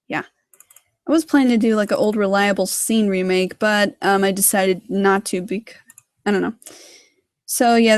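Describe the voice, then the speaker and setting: A woman's voice: medium pitch, no room sound, studio quality. A woman giving a casual livestream tutorial on her animation work, rambling with lots of fillers. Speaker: hobby sprite animator.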